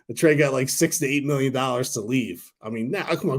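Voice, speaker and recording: A man in his thirties hosting a casual stock talk livestream, rambling and excitable, swearing freely. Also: mid-range voice, a little fast, few pauses. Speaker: stock talk channel host.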